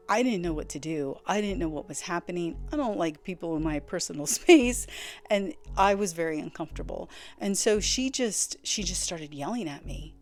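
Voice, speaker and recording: A woman's voice: fairly low pitch, a little mellow. A middle-aged woman, an artist, earnestly and emotionally retelling a personal story in a vlog.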